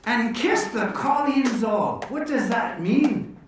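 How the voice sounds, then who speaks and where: A man entertaining an audience, telling jokes and stories in a lively, animated way. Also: very high voice, slow, noisy background. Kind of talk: joke telling and storytelling to an audience. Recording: echoey hall, distant mic, faint guitar.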